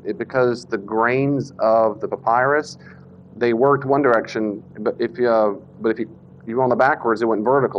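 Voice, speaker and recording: A man at a middle pitch gives a casual, animated Bible lecture, backing up to correct himself and slipping into the voices of the people he quotes. He speaks into a Bluetooth mic in a classroom or church hall. The recording is dull and lo-fi. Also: slight background noise. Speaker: Bible teacher. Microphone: Bluetooth mic that cuts out.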